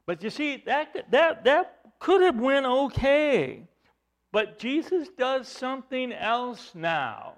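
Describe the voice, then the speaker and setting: An extremely high, sing-song male voice carries this slow sermon. The preacher dramatizes the story, asks rhetorical questions, and shifts from loud emphasis to near-whispers.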